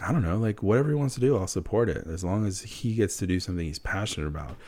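A young man from Wisconsin, in the United States, hosts a solo podcast in a low-pitched, warm voice. The talk is casual chat, full of swearing, and he gets worked up about sports.

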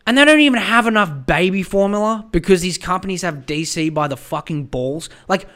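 A man's voice: fairly high pitch, a bit bright. Swearing Australian man ranting. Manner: profane, exasperated, repeats himself. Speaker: podcast host. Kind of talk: casual ranting monologue.

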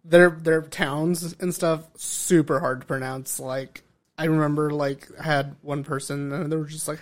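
A man's voice: on the high side, level tone, unhurried. A man co-hosting a casual podcast, rambling and laid-back with lots of fillers. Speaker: podcast co-host. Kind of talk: casual chat.

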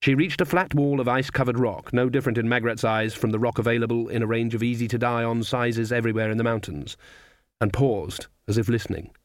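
A man narrating a comic fantasy novel in a dry, measured storytelling manner. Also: mid-range voice, steady tone, dry recording. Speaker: audiobook narrator. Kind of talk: scripted narration.

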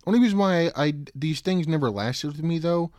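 A young man hosting a casual solo podcast who rambles, swears and breaks into loud, disbelieving outbursts. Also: fairly high pitch, brisk, dry recording. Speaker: podcast host.

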